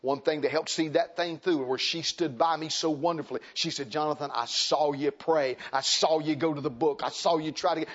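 A middle-aged man, preaching a sermon in church, dropping to quiet testimony and rising to loud, high exhortation. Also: brisk, few pauses. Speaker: pastor. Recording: dull lo-fi sound.

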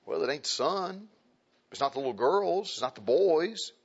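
A man's voice: a little high, big pitch swings, normal speed, muffled recording, slight background noise. A male preacher delivering an emphatic sermon, repeating phrases and turning to speak to the men and then the women of the congregation.

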